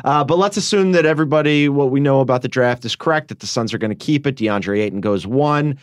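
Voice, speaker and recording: A man hosts a casual sports podcast and moves things along with dry, joking asides. His voice sits in a middle pitch. The sound is close and dry, with no room around it. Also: quick pace, dry recording. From Philadelphia. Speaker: podcast host.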